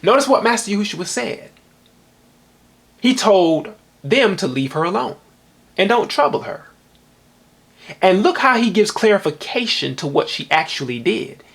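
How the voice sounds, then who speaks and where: A man giving an online Bible teaching, reading verses slowly and stressing each point with repeated questions to his listeners. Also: high-pitched, very animated, fairly bright tone. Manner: emphatic, repeatedly asks "do you see this"; reads verses slowly and deliberately.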